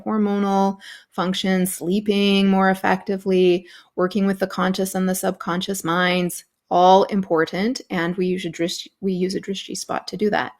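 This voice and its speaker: A woman hosting a self-care show, leading a breathing practice in a calm, instructive way. Her voice has a gravelly edge, with frequent fry at the ends of phrases. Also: mid-range voice. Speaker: host and yoga instructor.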